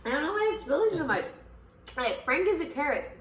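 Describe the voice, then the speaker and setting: A woman's voice: sits high, big pitch swings, brisk, a bit bright. A tipsy woman rambling through a comic retelling, losing her thread and repeating herself. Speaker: storyteller. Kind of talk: comic drunk-history retelling. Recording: echoey room with music.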